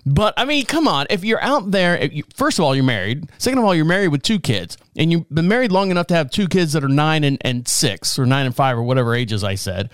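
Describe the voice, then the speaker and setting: A man's voice: a little high, animated, a little fast, few pauses, clear, resonant tone, dry recording, studio quality. A man hosting a podcast, telling a comic story in a rambling, wry way with chuckling asides. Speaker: podcast host. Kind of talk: casual comic storytelling monologue.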